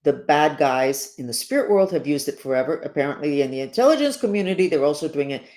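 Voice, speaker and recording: Here a woman in the role of spiritual teacher gives a monologue, urgent and earnest, repeating ideas and drawing out key words slowly. She sits low in pitch, sounds animated, and carries a slightly mellow tone.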